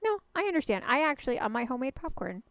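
A woman's voice: sits high, big pitch swings, racing, vocal fry, a bit bright, no echo. A young adult woman co-hosting a casual chat podcast, telling stories enthusiastically with lots of likes. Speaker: podcast co-host.

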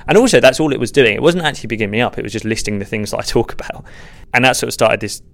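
A man's voice: mid-range voice, rapid-fire, vocal fry, fairly bright tone. A man, a stand-up comedian, giving candid, self-deprecating and rambling answers in a podcast interview.

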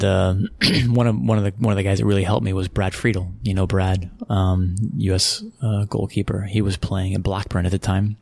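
Gravelly middle-aged American man, casual. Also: deep voice, a little mellow, dry recording. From Texas, USA. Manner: conversational, repeats phrases, chuckles often. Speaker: guest, sports executive. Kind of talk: relaxed interview storytelling.

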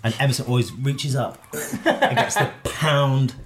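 A man from England chatting casually on a podcast, telling lively stories with lots of laughter and acted-out quotes. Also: medium pitch, a little slow, slight background noise. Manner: animated storyteller, laughs often, acts out quotes. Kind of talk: casual chat.

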